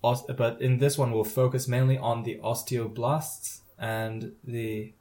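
A man's voice: medium pitch, little pitch movement, a little slow, dark tone. A young man in his twenties, a medical student co-hosting a podcast, chatting casually and often affirming with yep and mm. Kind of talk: casual educational chat.

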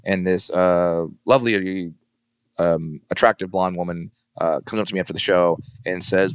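A low, smooth and resonant man's voice, a stand-up comedian chatting and telling stories. He leaps into high squeaky voices when he quotes people. The sound is close and dry. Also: moderate pace, no room sound. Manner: animated, acts out quoted voices in a high pitch. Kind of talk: casual storytelling interview.

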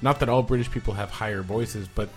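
A man's voice: on the low side, fast talker, soft background music. A man co-hosting a podcast, chatting casually and expressively. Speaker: podcast co-host.

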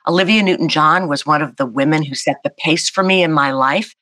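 A woman, telling a personal story as an interview guest in a lively, animated way. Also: low-pitched, a little fast, no room sound. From South Carolina, US. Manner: animated, vivid storyteller acting out voices. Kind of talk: storytelling in a conversation.

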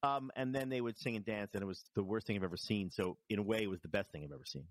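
A man co-hosting a casual podcast chat, wry and joking with quick comebacks. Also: fairly low pitch, no room sound. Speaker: podcast co-host.

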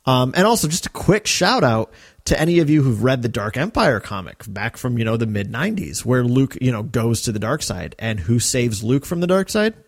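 A man's voice: medium pitch, big pitch swings, a little fast, dry recording, studio quality. A man co-hosting a podcast, talking things through in a casual, rambling way with many fillers and restarts. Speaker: podcast co-host.

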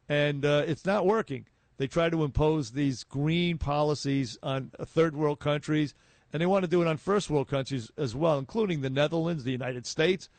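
Gravelly talk-radio man, dry studio. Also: on the high side, darkish tone, no echo. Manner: emphatic, often restarts with fillers. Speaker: radio host.

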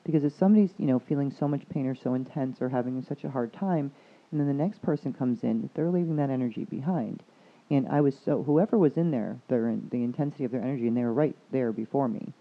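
A woman chatting casually about energy and spirituality, telling a rambling story and quoting others with a lively voice. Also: a bass voice, fast talker, hardly any pauses. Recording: tinny phone-like line.

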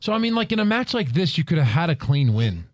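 A man's voice: a little high, very animated, fast talker, dry recording. A man co-hosting a podcast, talking wrestling in a sarcastic, teasing way. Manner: sarcastic, teasing, mimics commentators. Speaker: podcast co-host. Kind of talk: casual wrestling chat.

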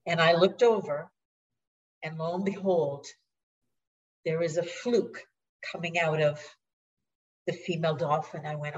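A woman, a guest and executive coach, telling a personal story in a reflective, unhurried way. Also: low voice, fairly even intonation, distant mic, highs cut off. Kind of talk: storytelling in an interview.

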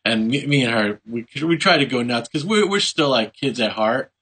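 A man's voice: mid-range voice, animated, normal speed, fairly bright tone, breathy edge. A man hosting a casual chat, easygoing, with small restarts.

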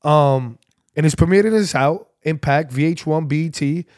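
A man's voice: a little high, normal speed, a little mellow, dry recording, clean studio sound. A man from New Jersey co-hosting a podcast at home while sick with the flu, teasing and swearing in casual chat. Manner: teasing, profane, laughing. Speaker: podcast co-host.

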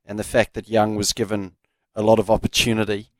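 A man with a South African accent co-hosting a sports radio show, giving measured, analytical takes. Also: fairly low pitch, completely flat delivery, no room sound. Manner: measured, analytical, laughs easily. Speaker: radio sports co-host, former cricketer. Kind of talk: casual sports radio chat. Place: radio studio. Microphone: studio microphone.

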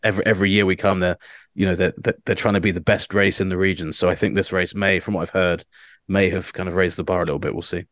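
A man's voice: sits low, level tone, fast talker, a bit bright, dry recording. A man with an English accent, co-hosting a motorsport chat show, rambling casually with lots of fillers and restarts. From England. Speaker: motorsport journalist, co-host. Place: hotel room on location.

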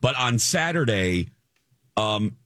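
A man's voice: mid-range voice, lively intonation, takes it slowly, fairly bright tone, no echo, studio quality. A man from the Chicago area co-hosting a radio show, chatting with enthusiasm and often restarting his sentences. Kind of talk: casual chat.

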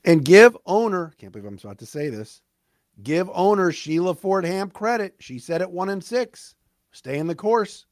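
A man hosting a solo sports talk podcast, recapping a game with emphatic, fan-like commentary and quick asides. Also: high-pitched, lively intonation, no echo, studio quality.

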